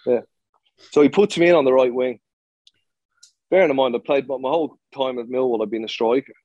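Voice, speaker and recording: A man's voice: mid-range voice, brisk, a little mellow, no room sound, lo-fi sound. A man who played professional football, telling a story in an interview, blunt and swearing freely, with lots of restarts.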